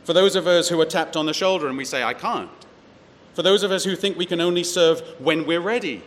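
Male preacher, slightly high voice, expository Bible teaching with rhetorical questions, recorded in a reverberant hall. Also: fast. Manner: expository, reads verses then explains, rhetorical questions. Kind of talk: sermon-style Bible teaching. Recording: echoey hall with faint ambient noise.

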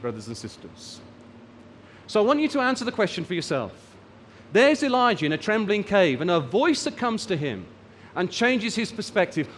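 A man's voice: high voice, big-room sound, slight background noise. A man preaching a sermon, rising and falling for emphasis and drawing out the key words. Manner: rises and falls for emphasis, draws out key words.

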